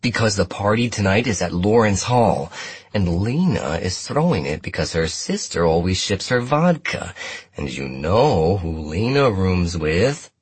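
A man voicing an excitable teenage boy roommate with a Midwestern American accent, eager and emphatic, in audiobook narration. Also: sits low, a little slow, slightly rough, exaggerated voice. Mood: excited.

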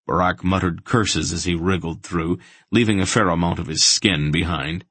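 A man narrating an audiobook in a steady, even storytelling voice. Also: low voice, moderate pace, slightly rough, dry recording.

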